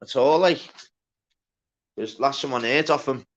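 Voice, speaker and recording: A man's voice: mid-range voice, a little slow, lo-fi sound. A man hosting a casual livestream, reading out the chat, greeting viewers by name and bantering with plenty of swearing. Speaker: livestream host.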